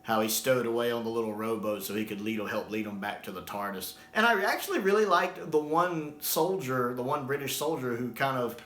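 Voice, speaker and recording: A man's voice: medium pitch, lively intonation, brisk, few pauses, a bit bright. A man reviewing a novel in a casual, enthusiastic way, laughing often and filling with "you know". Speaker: book reviewer. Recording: roomy echo.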